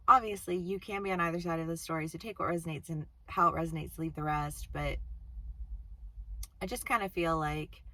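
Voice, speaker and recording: Low-voiced woman giving a blunt tarot reading. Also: fairly bright tone. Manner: blunt and chatty, swears freely, laughs often. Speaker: tarot reader. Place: outdoors-ish on a windy day.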